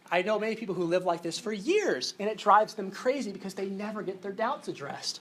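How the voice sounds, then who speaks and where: A man speaking at a youth conference seminar, conversational and shifting between hushed and animated. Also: high-pitched, a little fast, hardly any pauses. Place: conference hall with an audience.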